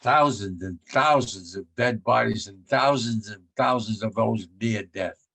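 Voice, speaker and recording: Speaking a little slowly with vocal fry, a man in his nineties from America offers frank, vivid testimony about fighting in World War II. Emotional moments pull his voice down low and quiet.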